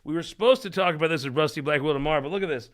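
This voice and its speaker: Rapid-fire and a bit bright, his fairly high-pitched voice belongs to a political talk show host. He's telling jokes in a casual, rambling, irreverent chat, laughing at his own material.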